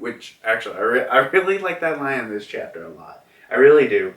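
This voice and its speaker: A man's voice: mid-range voice, very animated, fairly quick, fairly bright tone. A man casually recapping a manga chapter, rambling with lots of fillers as he goes. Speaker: manga reviewer. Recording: roomy, from a distance.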